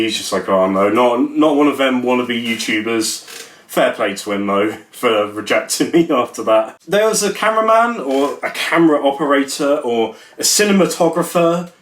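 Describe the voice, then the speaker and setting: Here a young man rambles in a casual vlog, poking fun at himself in a jokey way. This young adult YouTuber has a medium-pitched, fairly bright voice, and the room is echoey.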